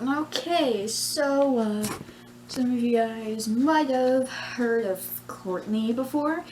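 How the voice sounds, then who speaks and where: A woman's voice: on the high side, extremely slow, long pauses, darkish tone, a little hiss or hum, low-quality recording. A woman chatting casually in a vlog about her plush characters, giggly and rambling. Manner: giggly, rambling, self-pleased. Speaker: plush video creator.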